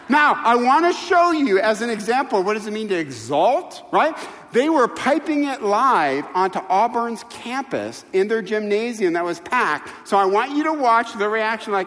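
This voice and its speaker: A man preaching a sermon, telling stories with emphatic, animated delivery and rhetorical questions. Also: extremely high pitch, measured pace. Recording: reverberant hall.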